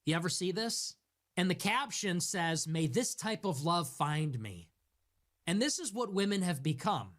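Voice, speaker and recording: A man's voice: sits high, sing-song, a little slow, fairly bright tone. A man hosting a livestream show, delivering a sarcastic, exasperated rant in political commentary style.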